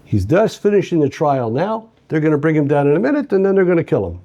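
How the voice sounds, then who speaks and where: A man's voice: a little high, very animated, fast, dull audio, pitched above the performer's own voice. A man voicing a stern male town gatekeeper who speaks curtly and dismissively in a told story. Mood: telling news. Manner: curt, sharp, dismissive.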